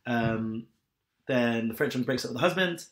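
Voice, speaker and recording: A man's voice: mid-range voice, moderate pace, a bit bright. Young male co-host, loose rambling chat delivery, filler-heavy. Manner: chatty, rambling retelling with many fillers. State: sore back, hungover. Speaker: podcast co-host. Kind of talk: casual chat.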